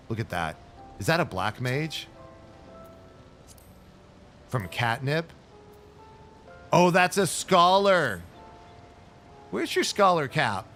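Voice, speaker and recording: A man streaming a game, giving excitable, jokey running commentary in casual chat. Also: medium pitch, slow pace, pauses often, soft background music.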